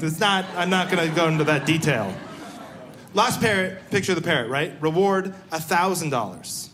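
A man's voice: on the high side, moderate pace, a little hiss or hum. A young man performing a stand-up comedy set on a live stage, telling stories and acting out the voices of the people in them. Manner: animated storytelling, acting out voices.

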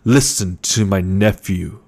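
A man voicing a gluttonous, scheming older male baron who speaks slowly and condescendingly. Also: low voice, darkish tone, exaggerated voice. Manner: slow, menacing and condescending.

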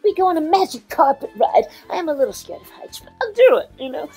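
Actress doing a scatterbrained older diva: high, swooping voice, gushing and rambling, faint music behind. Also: female voice, very animated, fast talker, warm tone. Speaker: comic impressionist. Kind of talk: comic celebrity impression monologue.

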